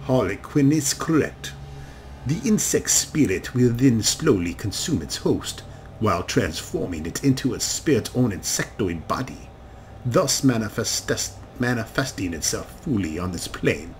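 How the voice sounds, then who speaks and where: A man's voice: fairly low pitch, very animated, unhurried, a little mellow, slight background noise. A man doing a sardonic painted elf. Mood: lecturing. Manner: wry, lecturing.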